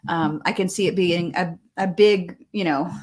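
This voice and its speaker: A woman from Texas, a real estate agent chatting casually, rambling with halting restarts and easy laughter. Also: on the low side, steady tone, darkish tone. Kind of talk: casual chat.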